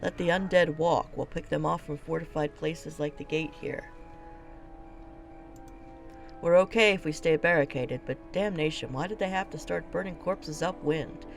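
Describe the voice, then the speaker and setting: A woman's voice: low-pitched, normal speed, creaky, few pauses, soft background music. A woman reading the part of a weary, blunt male gate captain in a fantasy video game, speaking in a curt and dismissive way. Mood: grim.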